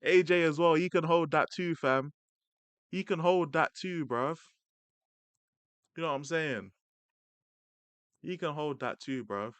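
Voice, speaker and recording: A man's voice: fairly high pitch, unhurried, long pauses, a bit bright, smooth, dry recording. A young man, a streamer mocking football rivals in casual, slang-heavy banter. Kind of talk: casual livestream rant.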